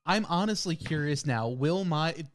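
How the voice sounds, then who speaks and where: A man's voice: a little high, animated, normal speed. A young man co-hosting a podcast in casual chat, easygoing as he explains things plainly. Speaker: podcast co-host.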